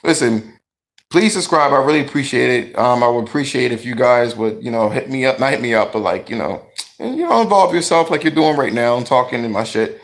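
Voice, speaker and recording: A man's voice: mid-range voice, lively intonation, fairly quick. A man giving blunt, profane gaming commentary, ranting in a talkative vlog style.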